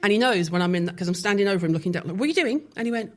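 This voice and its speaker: Brief: woman, 50s, podcast host, animated storyteller. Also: fairly low pitch, very fast. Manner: lively, animated storyteller who acts out voices. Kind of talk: casual chat.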